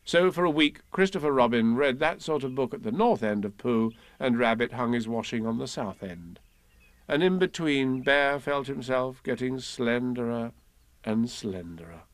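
A man reading children's poems and stories aloud in an expressive, lilting way. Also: medium pitch, moderate pace, no room sound. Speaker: reader.

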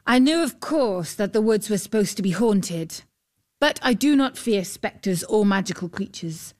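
A man's voice: sits high, animated, measured pace, a little mellow. A woman voicing a courteous, earnest young knight with formal speech in a storybook reading.

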